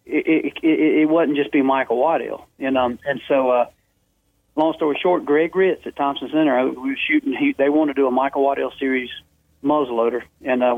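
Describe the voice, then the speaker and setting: A man, a radio guest on the phone, telling a story in a lively way with quick restarts. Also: medium pitch. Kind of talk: animated storytelling. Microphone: telephone. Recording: tinny dry phone line.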